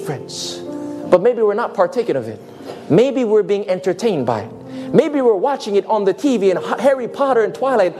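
A man preaching an emphatic sermon, asking his listeners questions and dropping to a hush when he says "friends". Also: high-pitched.

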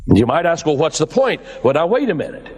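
An older man preaches in a church, his voice sitting fairly high. He has a preacher's cadence, drawing words out slowly for weight and rising at his exclamations. The sound carries a long reverb from the hall around him. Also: sing-song, a little mellow, breathy edge. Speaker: pastor. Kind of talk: sermon.

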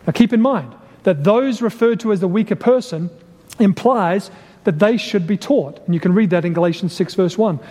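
A man preaching a sermon, deliberate and emphatic, repeating key phrases and asking rhetorical questions. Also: high voice, dark tone. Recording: long hall reverb.

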